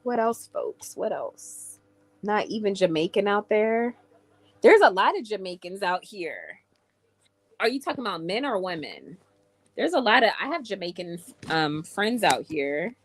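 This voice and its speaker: A woman's voice: medium pitch, sing-song, unhurried. A woman from England chatting casually with viewers on a livestream and answering their comments. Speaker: live streamer.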